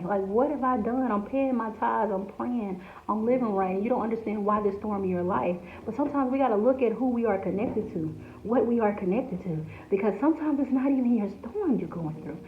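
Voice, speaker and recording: A woman's voice: medium pitch, slight background noise. A woman giving an informal devotional message in a conversational way, with frequent asides to the listener. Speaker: devotional speaker. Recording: echoey, tinny phone-like sound.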